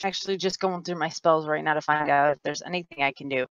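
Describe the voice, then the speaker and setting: A woman's voice: sits low, steady tone, fast, a bit bright, no echo. A woman playing a tabletop game, making dry, wry remarks. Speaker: player. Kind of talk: casual game chat. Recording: dull lo-fi mic.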